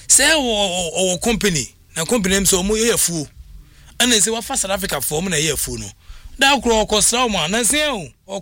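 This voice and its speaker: Bright-voiced man giving excitable commentary. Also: on the high side. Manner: excitable, emphatic repetitions and restarts. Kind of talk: casual sports news commentary.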